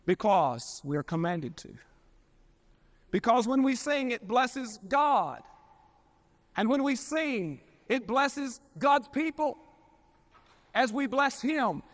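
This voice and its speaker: This is a 1992 archival recording of a pastor's sermon, his voice fairly high. His emphatic preaching drags out important words and builds loud before easing into homey, folksy asides.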